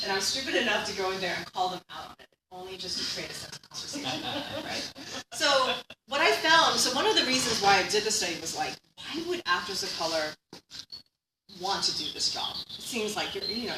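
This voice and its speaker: A woman's voice: mid-range voice, background noise. A woman giving a conference keynote lecture in a conversational way, often laughing and tagging her points with "right?". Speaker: keynote speaker. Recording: echoey hall from far off.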